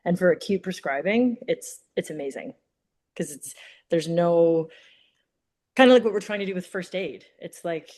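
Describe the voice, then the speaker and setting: A woman with a somewhat low voice, talking as a guest in a relaxed interview. She tells stories in an animated way, sprinkling her speech with "like" and quick asides. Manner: animated storyteller, full of "like" fillers. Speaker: naturopath guest. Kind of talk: casual interview chat.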